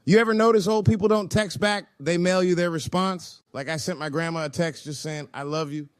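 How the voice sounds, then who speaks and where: Man with a smooth, dry-recorded voice telling wry jokes. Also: a little high, fairly even intonation, brisk, dry recording. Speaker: comedian. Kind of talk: stand-up routine.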